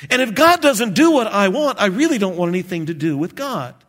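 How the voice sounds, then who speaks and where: A male pastor delivers a sermon in a bright, high-pitched voice. He is animated and playful, acting out prayers and chuckling at himself between points. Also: a little fast.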